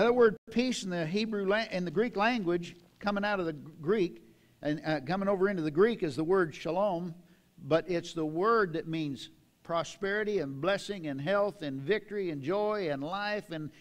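An older man preaching a sermon in a church, reading scripture with slow, dramatic emphasis. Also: sits high. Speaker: pastor. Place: church sanctuary.

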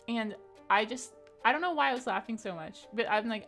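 A woman's voice: a little high, moderate pace, long pauses, fairly bright tone, faint music behind. A woman game streamer chatting casually with her viewers, upbeat and giggly, rattling off names from the chat.

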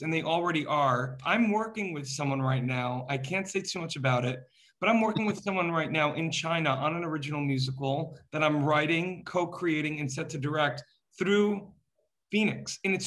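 A man with a somewhat high, bright voice hosts an interview on a video call. He is effusive, piles praise on his guest and talks up the project with eager energy. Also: fairly quick. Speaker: interview host. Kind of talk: enthusiastic interview hosting.

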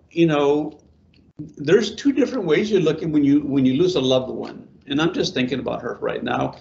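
Conversational pastor, muffled recording. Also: male voice, on the high side, creaky, a little mellow. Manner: conversational, asks the listeners questions, repeats words. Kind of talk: informal sermon to a small congregation.

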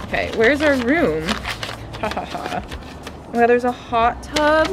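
Lively, laughing young woman. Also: on the high side, takes it slowly, background noise. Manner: laughing, self-mocking. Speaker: friend on the trip. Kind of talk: casual vlog chat. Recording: music bed under the talk.

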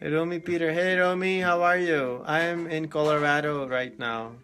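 A man's voice: fairly high pitch, steady tone, normal speed, a bit bright. A man hosting a casual live stream, greeting viewers by name and laughing easily.

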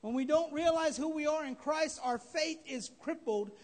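High-voiced preacher in a reverberant hall. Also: male voice, moderate pace. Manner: emphatic preaching, rising to shouts. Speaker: pastor. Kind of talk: sermon. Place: church sanctuary. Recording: live stream in a reverberant church hall.

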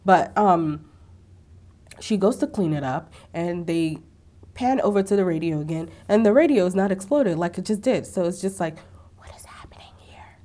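A young woman with a slightly low-pitched voice talks through a TV episode in a loose, chatty way. She throws in sassy asides and acts out quotes with relish. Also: lively intonation, moderate pace, dark tone. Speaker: TV recap vlogger. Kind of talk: casual chatty recap. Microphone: ring-lit camera setup at home.

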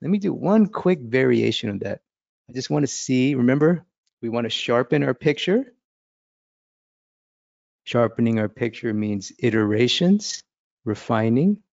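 Male art instructor, chatty and laughing as he sketches, gravelly, close and dry. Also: mid-range voice, animated, measured pace, pauses often, darkish tone, dry recording, highs cut off. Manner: chatty, laughing, thinking aloud while sketching. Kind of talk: casual drawing lesson.

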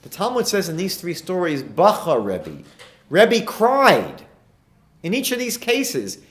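A man's voice: sits high, wildly swooping pitch, takes it slowly, fairly bright tone. A man, a rabbi giving a lecture, retelling Talmud stories and asking emphatic rhetorical questions. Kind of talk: recorded lecture.

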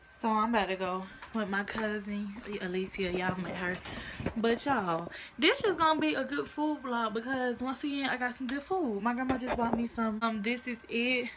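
A woman's voice: fairly high pitch, normal speed, heavy background noise. A young woman, vlogging casually to her phone, chatty and a bit out of breath. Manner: chatty, addresses viewers as y'all. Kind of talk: casual vlog talk to camera.

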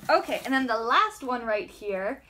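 A young woman, a mom, chatting in a bubbly, excited way while unboxing for a vlog at home and talking to her toddler. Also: a little high, normal speed. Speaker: mom vlogger. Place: home room with backdrop. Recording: noisy home recording.

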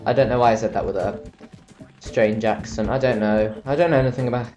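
A man's voice: medium pitch, fairly even intonation, fairly quick, a little mellow, soft background music. A tired young man giving rambling, self-mocking commentary while playing a video game. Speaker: let's play commentator. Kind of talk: casual gameplay commentary.

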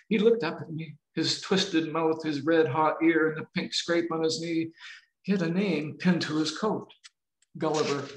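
A novelist reading his novel aloud in a measured, expressive way over a video call. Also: fairly high pitch. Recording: roomy video-call audio.

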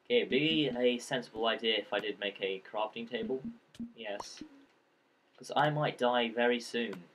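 Man, fairly low voice, casual gameplay commentary, rambling, jokey, talks to the game's creatures. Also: fairly bright tone, a little hiss or hum. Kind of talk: casual let's-play commentary.

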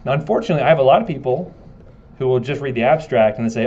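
Man, lecturer, quick casual classroom talk, jokes with students, muffled recording. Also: mid-range voice, darkish tone. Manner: casual and joking, asks the class questions.

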